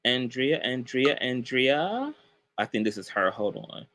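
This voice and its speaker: A man's voice: mid-range voice, expressive, unhurried, fairly bright tone. A man commentator casually recounting a story on a livestream call, talking loosely with lots of "like" and "y'all". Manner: loose, chatty, heavy on "like" and "y'all". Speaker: online commentator.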